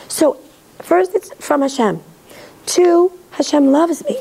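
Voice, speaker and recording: Woman, hoarse from laryngitis, high-pitched, earnest and animated lecture, acts out dialogue. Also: slow pace, rough recording. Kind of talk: religious lecture to an audience. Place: synagogue hall.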